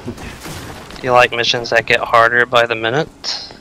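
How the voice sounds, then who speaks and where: A man's voice: mid-range voice, completely flat delivery, a little slow, pushed and bright, a little hiss or hum, poor audio. A man giving casual, joking commentary over a co-op video game and swearing freely. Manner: joking, swears, plays with voices. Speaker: let's play commentator.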